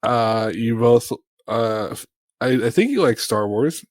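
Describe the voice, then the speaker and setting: Male podcast co-host, lively pitch, loose joking banter, halting restarts. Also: no echo, studio quality.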